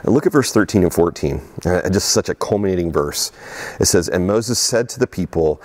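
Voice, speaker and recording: A middle-aged male pastor delivering a sermon with an animated, repetitive manner. He stacks up repeated words and sometimes slips into the voices of the people in his story. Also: low-pitched, moderate pace.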